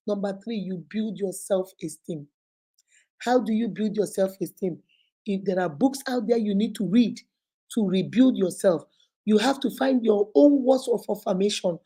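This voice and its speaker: A woman's voice: a little high, dark tone, breathy edge. A woman hosting a faith-based motivational advice talk, preaching emphatically and calling her listeners sister and baby. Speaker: relationship advice host.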